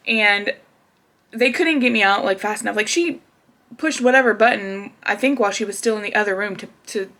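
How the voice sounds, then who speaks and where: A young woman tells a personal story straight to camera in a casual, chatty way. She laughs often and fills her talk with "like" and restarts. Her voice sits at an everyday middle pitch. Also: brisk, fairly bright tone. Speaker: vlogger.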